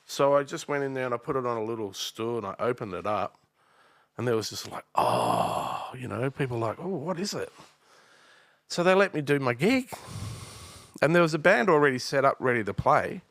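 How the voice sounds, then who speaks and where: A man's voice: mid-range voice, animated, fairly quick, fairly bright tone, dry recording, clean studio sound. An Australian man, a guest artist, telling rambling stories in a casual podcast interview. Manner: rambling anecdotes with restarts and quoted dialogue.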